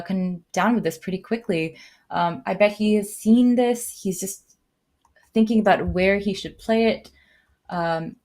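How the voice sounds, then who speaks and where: A woman giving live commentary on a board game, thinking aloud with many fillers and lively jumps in her voice. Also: mid-range voice. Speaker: tournament commentator.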